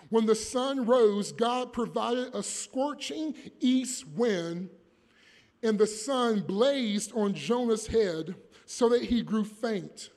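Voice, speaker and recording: A man preaching a sermon, reading scripture deliberately and building to emphatic, forceful points. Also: high voice. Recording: long reverb of a large hall.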